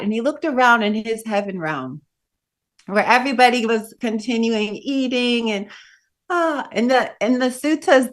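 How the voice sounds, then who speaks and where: A woman meditation teacher telling a story during a dharma talk, animated and conversational with casual asides. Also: on the high side.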